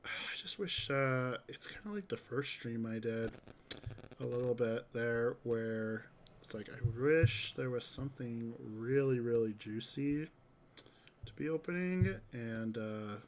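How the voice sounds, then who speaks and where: A man's voice: mid-range voice, measured pace, slight background noise. A man streaming a mobile game live, chatting casually and reacting to his chat, saying "dude" a lot. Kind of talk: casual livestream commentary.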